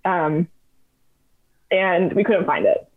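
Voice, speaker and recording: As a podcast guest, a young woman tells lively stories in a casual, animated, chatty way, packed with fillers. Her voice is fairly low and slow, sounding thin and narrow as though coming over a phone.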